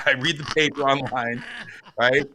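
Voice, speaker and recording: A middle-aged man, a guest and author, telling a personal story in casual talk, swinging from quiet reflection to heated retelling. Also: mid-range voice, fairly even intonation, a little slow.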